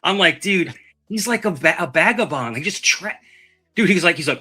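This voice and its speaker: A man telling a long rambling story in casual chat, animated and swearing, repeating his words. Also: on the high side, moderate pace, husky.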